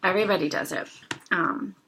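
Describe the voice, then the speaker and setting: A woman teaching a language lesson, reading short dialogues aloud slowly and explaining each phrase, with a sore throat she keeps clearing. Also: lowish voice, pushed and bright, slight background noise.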